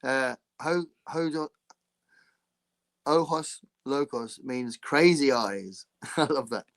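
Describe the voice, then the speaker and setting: An English man hosts a casual podcast chat over a video call, speaking slowly in a mid-range voice. He's chatty and animated, laughs often, and keeps restarting his sentences.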